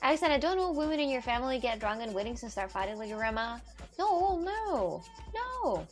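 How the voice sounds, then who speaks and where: Her voice a little high and her speech racing, a woman livestreamer chats away on an outdoor city walk. She reads comments from viewers aloud, laughs often, and has faint music playing underneath this casual stream.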